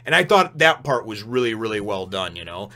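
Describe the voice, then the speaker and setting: Excitable man rambling through a manga review. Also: lowish voice, a little fast. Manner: excitable, rambling, full of "you know" and "right?"; acts out the characters' lines in a raised voice. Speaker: host of a manga review channel. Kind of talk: casual spoken manga chapter review.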